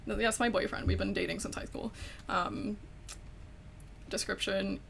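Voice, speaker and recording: A woman's voice: medium pitch, steady tone, unhurried, gravelly, a bit bright, a little hiss or hum. A woman streaming a game, chatting casually and swearing in frustration at her crashing computer.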